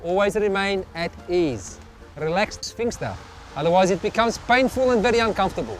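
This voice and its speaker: A man's voice: high-pitched, animated, normal speed, pitched above the performer's own voice. A man playing a stern army sergeant major. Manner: barking orders, mock-serious military briefing. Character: stern male army sergeant major, gruff drill instructor.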